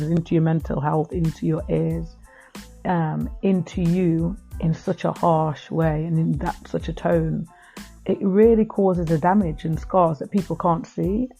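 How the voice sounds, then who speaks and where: A woman's voice: on the low side, mellow, slightly rough, muffled recording. A middle-aged woman hosting a personal podcast, talking earnestly about her own life to her listeners. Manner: earnest, heartfelt storytelling to listeners. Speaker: podcast host. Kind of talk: personal reflective podcast talk.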